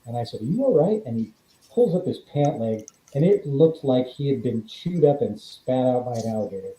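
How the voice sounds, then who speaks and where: A middle-aged man spins stunt stories in a deep, very mellow voice, voicing the people in them as he goes. The sound is roomy, with echo off the walls. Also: normal speed. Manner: animated anecdote-telling, acts out quoted dialogue. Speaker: guest, former stuntman. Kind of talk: storytelling in a podcast interview.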